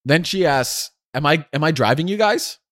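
A man's voice: a little high, lively intonation, moderate pace, a bit bright, dry recording, studio quality. A young man co-hosting a casual podcast, telling a long family story and acting out the other people's lines as he goes. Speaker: co-host.

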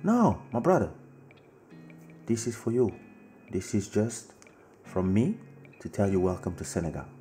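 A man's voice: fairly low pitch, sing-song, a little slow, long pauses, dark tone, faint music behind. A man voicing a pushy male market seller who keeps calling the listener his brother. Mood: insistent. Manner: insistent, repeats "my brother".

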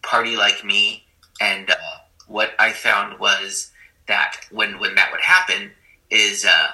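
A man's voice: fairly low pitch, slow pace, bright, forceful tone, poor audio. A man, a school teacher, telling his own story in a conversational, self-deprecating way with many fillers. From Puerto Rican and Haitian family. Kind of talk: personal storytelling, testimony.

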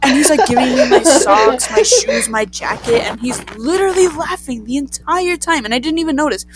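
A young woman casually telling a story to friends, animated and profane, acting out the voices in it. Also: high voice, fairly quick, a loud crowd. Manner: animated, profane, acts out quotes. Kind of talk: casual chat.

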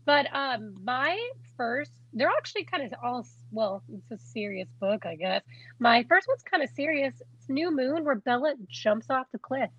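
Bubbly high-voiced young woman, husky. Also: expressive, normal speed, muffled recording. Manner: bubbly, giggly, lots of "like". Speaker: podcast co-host. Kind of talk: casual chat.

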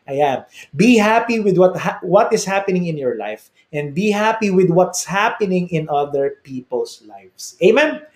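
A man with a Filipino accent preaching in an energetic, rhetorical sermon style, checking in with his listeners and repeating his key lines for emphasis. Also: sits high, normal speed. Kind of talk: sermon-style motivational talk. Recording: roomy echo.

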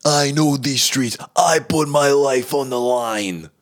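A man putting on the voice of a TV detective who yells all the time in a strained, raspy voice. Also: mid-range voice, takes it slowly, voice pushed up, close to an everyday voice. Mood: yelling. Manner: constant yelling.

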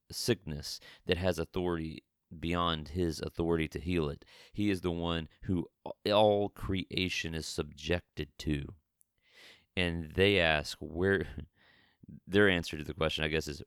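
A man's voice: low-pitched, a bit bright, clear, resonant tone, no echo, clean studio sound. A man preaching a conversational Bible teaching, often restarting and repeating words as he goes. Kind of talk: sermon-style Bible teaching.

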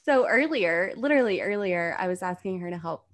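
A woman's voice: lowish voice, lively intonation, brisk. Laughing woman in casual chat. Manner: laughs often, eggs others on.

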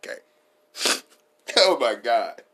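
A man's voice: medium pitch, sing-song, slow pace, a bit bright, breathy edge. A man riffing in a casual comedic style, rambling and profane, laughing at his own jokes.

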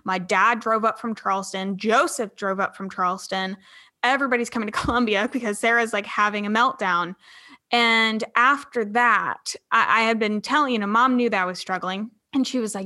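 Bright-voiced young woman telling her story. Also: mid-range voice. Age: 20s. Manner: candid, rambling, fast with many restarts. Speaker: guest. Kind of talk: casual storytelling interview.

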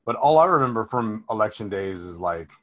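Low-voiced man in loose chat. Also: lively intonation, fairly quick, a bit bright. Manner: loose storytelling, swears casually. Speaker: podcast co-host. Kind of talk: casual chat.

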